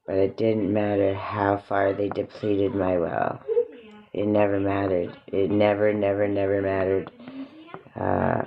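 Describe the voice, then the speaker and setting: At home with his children nearby, a parent and vlogger offers an earnest, emotional spiritual reflection, repeating phrases for emphasis. His voice is on the low side, a little slow, and creaky, captured in a dull lo-fi recording.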